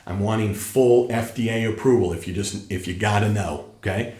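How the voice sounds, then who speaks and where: A man's voice: lowish voice, moderate pace, darkish tone. A middle-aged man hosting a tax channel, talking straight to viewers in an emphatic way that repeats his points, while still getting over an illness. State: recovering from illness. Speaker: tax educator and channel host. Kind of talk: casual direct-to-camera talk. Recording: echoey room.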